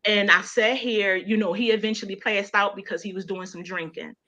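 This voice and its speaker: A woman's voice: medium pitch, fairly even intonation, a little fast, sharp tone. A woman with a Baltimore accent telling a personal story as a guest on a radio show, emotional and conversational, full of "you know". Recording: dull lo-fi sound.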